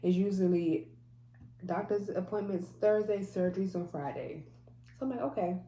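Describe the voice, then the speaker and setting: A woman's voice: mid-range voice, moderate pace, dark tone, roomy sound, a little hiss or hum. A woman telling a personal faith testimony in a casual, emphatic way, repeating phrases and restarting often. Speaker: mother sharing a faith testimony.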